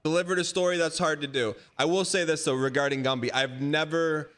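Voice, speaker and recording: A man in his thirties hosting a livestream, talking in a rambling, animated, mock-defensive way. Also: fairly high pitch, a little fast. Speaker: livestream host. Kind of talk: casual chat.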